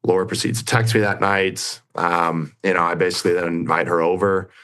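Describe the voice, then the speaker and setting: A man's voice: low-pitched, fairly even intonation, fairly quick, fairly bright tone, smooth. A young man, an interview guest, retelling a story in a rambling way full of fillers and quoted lines.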